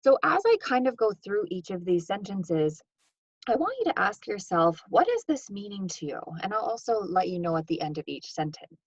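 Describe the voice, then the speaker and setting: A woman's voice: mid-range voice, very animated, normal speed, husky, no echo. A woman co-presenting an educational session, guiding listeners through examples. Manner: guiding, reads example sentences with changing stress. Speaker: workshop co-presenter. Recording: dull, dry lo-fi mic.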